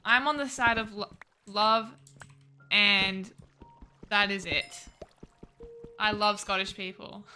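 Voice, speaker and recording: A woman's voice: mid-range voice, steady tone, slow pace, pauses often, pushed and bright, soft background music. A woman giving casual gameplay commentary as a streamer, chatty and self-mocking as she talks to her viewers. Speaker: game streamer.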